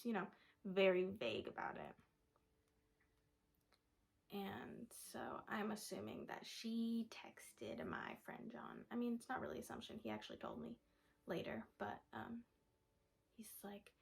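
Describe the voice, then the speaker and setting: A young woman vlogger telling a personal story in a soft, rambling way, often dropping to a whisper. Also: mid-range voice, lively intonation, normal speed, creaky. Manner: rambling, full of "like" and "da, da, da".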